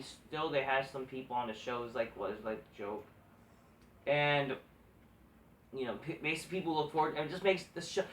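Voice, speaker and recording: A man with a slightly high voice rants in a loose, profane, exasperated ramble, full of restarts and trailing thoughts. He sits back from the mic in a room that echoes, with a faint hiss under him. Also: a bit bright, far from the mic. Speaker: wrestling commentary vlogger. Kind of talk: casual rant.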